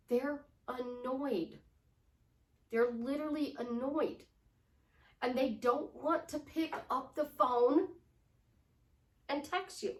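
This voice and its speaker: Woman life coach, fairly high voice, emphatic and repetitive delivery, recorded off-mic in a roomy space. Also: slow, long pauses, recorded from a distance. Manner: emphatic, repetitive, drops to a whisper for demonstrations. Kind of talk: motivational coaching talk.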